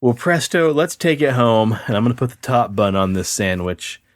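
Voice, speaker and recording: A man's voice: mid-range voice, moderate pace, dry recording, studio quality. A man co-hosting a casual podcast, reading spooky stories aloud and joking with his co-host. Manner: animated, reads stories aloud with chuckles.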